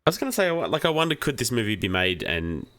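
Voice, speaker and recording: A man's voice: fairly low pitch, very animated, quick pace, a bit bright. A man co-hosting a film review podcast, musing tentatively in casual chat. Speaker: podcast co-host.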